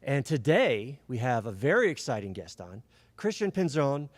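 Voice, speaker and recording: A man's voice: medium pitch, sing-song, moderate pace. A man hosting a casual podcast, joking and playful as he talks with his guest. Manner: joking, playful, laughs often. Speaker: podcast host. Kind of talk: casual chat.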